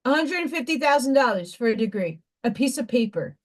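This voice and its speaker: A woman with a high, expressive voice hosts a casual livestream chat, talking fairly quickly. She is a school teacher and her voice sits a little above the usual range as she rambles from point to point, stresses words hard, and breaks off mid-sentence to greet viewers by name.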